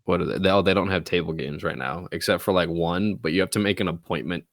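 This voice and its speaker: A young man with a deep, gravelly voice, chatting loosely and teasing his co-host between fillers and restarts. The sound is close and dry, recorded through call software. He rambles, pokes fun, and keeps the talk easygoing. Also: quick pace, no echo. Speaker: podcast co-host. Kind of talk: casual chat. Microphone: remote call recording software.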